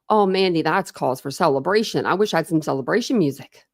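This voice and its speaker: A chatty woman in her thirties talks casually to her livestream viewers, greeting them by name and laughing often. Her voice sits a little low, and the sound is dry and close. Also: lively intonation, fast, dry recording. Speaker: true crime livestream host.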